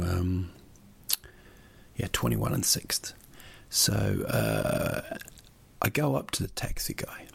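A man's voice: lowish voice, gravelly, fairly bright tone, breathy edge. A man, a comedian, telling a rambling, sweary comic story that keeps getting more worked up.

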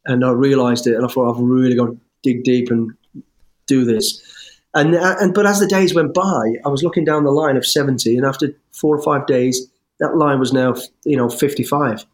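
A middle-aged man, an interview guest telling his life story in an animated, rambling way with restarts and swearing. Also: medium pitch, moderate pace. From English West Midlands. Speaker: interview guest, former soldier. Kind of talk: storytelling in conversation.

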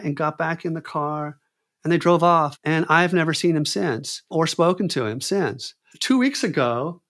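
A man telling a personal story, acting out his own panicked words in a raised voice. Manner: animated, acts out panicked quotes in a high voice. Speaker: storyteller guest. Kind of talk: casual spoken storytelling.

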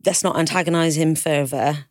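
A woman with a low voice talks through a hard personal story in a candid, conversational way, slipping into other people's voices as she goes. The sound is dry and close, with no room around her. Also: fairly even intonation, moderate pace, no room sound. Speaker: podcast co-host telling her own story.

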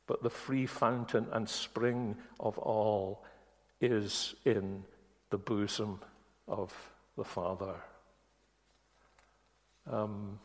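A man preaching a sermon in a church, speaking earnestly and slowing on key words. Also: on the low side. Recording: long reverb of a church hall.

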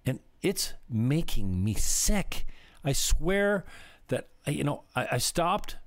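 Man ranting with lively pitch swings. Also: dry recording. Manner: heated, sarcastic, jumpy. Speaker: political commentary host. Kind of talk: ranting commentary over clips.

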